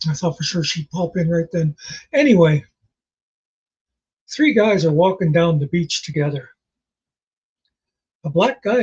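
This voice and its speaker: A man's voice: high-pitched, a little mellow, husky, lo-fi sound. A man casually telling jokes as host, rambling and folksy in his storytelling.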